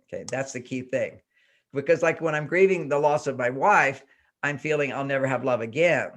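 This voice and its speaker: An older man appears as a guest relationship expert on a talk show, explaining things earnestly. He fires rhetorical question after question at himself and acts out the inner voices as he goes, in a medium-pitched, fairly bright voice at a moderate pace.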